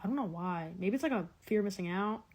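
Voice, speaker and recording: Husky young woman ranting for laughs. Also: medium pitch, lively intonation, fast, a little mellow. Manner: rambling, exasperated rants full of "like". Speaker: comedy video creator. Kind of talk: comedic monologue to camera.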